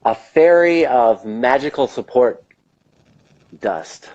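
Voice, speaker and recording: A man's voice: mid-range voice, animated, slow, a little mellow. Rambling, enthusiastic man, muffled audio. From United States. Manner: rambling, enthusiastic, casual swearing. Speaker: interview guest. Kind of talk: casual interview.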